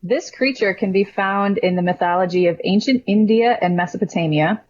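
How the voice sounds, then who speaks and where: A woman hosting a trivia podcast reads questions and answers in a brisk, matter-of-fact way. Her voice sits at a middle pitch, and the remote audio comes through slightly dull and lo-fi with a faint hiss underneath. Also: darkish tone. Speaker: quiz host.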